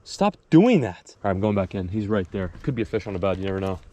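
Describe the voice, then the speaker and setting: A young man vlogging while fishing from a boat on a small lake, excitable and self-mocking, swearing often. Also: deep voice, racing. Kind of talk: casual vlog talk to camera. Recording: outdoor wind and engine noise.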